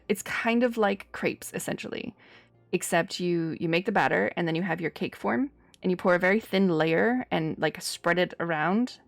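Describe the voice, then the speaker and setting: A woman's voice: lowish voice, creaky. A woman from Cyprus, streaming a game in casual chat, talkative, laughing often and replying to her chat. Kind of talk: casual chat while gaming.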